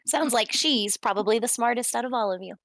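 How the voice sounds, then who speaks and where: A woman's voice: fairly high pitch, fairly quick, a bit bright, dry recording. A woman playing in a tabletop game, chatting casually with playful quips. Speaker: player.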